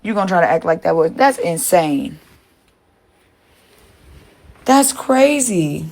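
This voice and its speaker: A woman's voice: low-pitched, lively intonation, a little fast, gravelly, a little mellow, roomy sound, poor audio. A woman livestreaming, ranting at her chat in a profane, confrontational way and repeating herself. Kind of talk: heated live-stream rant to chat.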